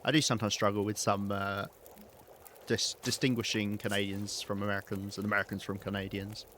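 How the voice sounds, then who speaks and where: Low-voiced British man thinking aloud. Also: flat delivery, fairly quick, a bit bright, a little hiss or hum. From Britain. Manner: rambling, thinking aloud with many ums and restarts. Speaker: game streamer. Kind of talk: live gameplay commentary.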